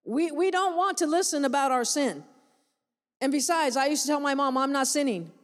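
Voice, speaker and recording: A woman's voice: high voice, normal speed. A woman missionary giving a personal testimony to a church audience, telling her story with animation, laughter and repeated phrases for emphasis. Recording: echoey hall reverb.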